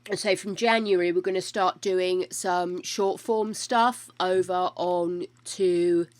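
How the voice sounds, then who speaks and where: A woman's voice: fairly low pitch, fairly even intonation, takes it slowly, no room sound. An older woman streaming a life-simulation game, chatting casually to her characters and her viewers, with the odd bit of mild swearing. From United Kingdom.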